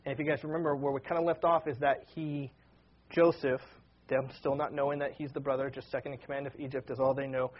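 A man's voice: medium pitch, level tone, fast, lo-fi sound. A man preaching a casual sermon to his congregation, talking conversationally with frequent asides. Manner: conversational, with many fillers and asides. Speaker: pastor.

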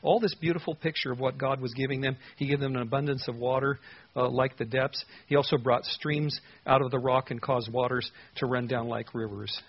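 A man's voice: medium pitch, steady tone, brisk, breathy edge, lo-fi sound. A man teaching through Bible verses in a conversational, earnest way, with emphatic stresses.

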